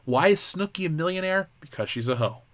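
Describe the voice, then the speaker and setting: A man's voice: a little high, animated, fairly quick, no room sound. Dry-voiced man ranting on a live show. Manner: heated, profane, ranting. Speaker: host of a live pop culture show. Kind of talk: live-stream commentary rant.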